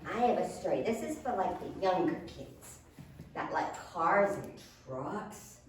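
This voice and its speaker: Animated woman reading a picture book. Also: lowish voice, measured pace. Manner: animated, gasps and playful sound effects. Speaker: children's librarian. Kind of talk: children's story time reading. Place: library room. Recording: roomy echo from far off, audible room noise.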